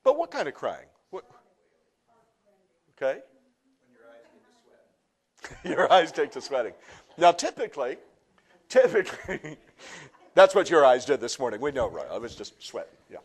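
A middle-aged male pastor preaching to a congregation, swinging from soft, hushed teaching to loud, impassioned outbursts and joking with the crowd. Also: a little high, big pitch swings, unhurried, long pauses. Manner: jokes and teases the congregation. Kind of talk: sermon. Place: church before a live congregation.

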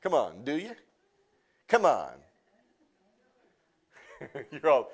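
A middle-aged male pastor preaching to a congregation, swinging from soft, hushed teaching to loud, impassioned outbursts and joking with the crowd. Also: medium pitch, huge pitch swings, drawn-out words, husky. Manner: jokes and teases the congregation. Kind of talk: sermon. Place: church before a live congregation.

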